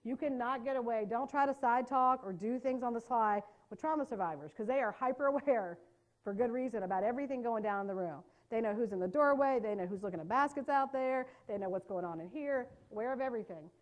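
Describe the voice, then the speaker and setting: A woman trainer giving a workshop talk. Her voice sits a little high, and she stays lively and conversational, tossing quick tag questions to the room to keep people with her. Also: lo-fi sound. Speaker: trauma-informed care trainer. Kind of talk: live workshop lecture.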